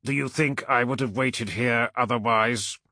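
A man voicing an impatient armored warrior in an audiobook, speaking curtly with a husky voice. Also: medium pitch, steady tone, measured pace, pushed and bright, no echo.

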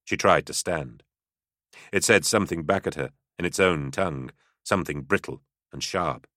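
A man with a very deep voice narrates an audiobook in a steady, dramatic manner. His tone is forceful and firm. The recording is dry and close. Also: moderate pace, dry recording.

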